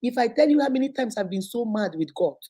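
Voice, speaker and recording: A middle-aged Nigerian woman, a teacher and host, giving an animated, preachy motivational talk sprinkled with Igbo phrases. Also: on the high side, quick pace, slightly rough.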